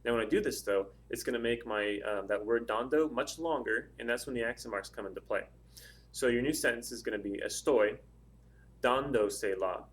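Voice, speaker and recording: A man teaching a language lesson, explaining step by step with patient pauses and frequent ums. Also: medium pitch, fairly bright tone. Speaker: Spanish teacher.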